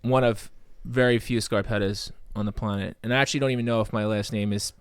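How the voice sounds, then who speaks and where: A man's voice: fairly low pitch, steady tone, quick pace, smooth, dry recording. A man hosting a live podcast, chatting casually in a playful, rambling, joking way. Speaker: podcast host.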